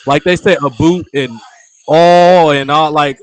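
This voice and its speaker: A man's voice: on the high side, normal speed, fairly bright tone. A man hosting a casual talk show, joking and teasing the people around him. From western United States. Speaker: host. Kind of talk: casual chat.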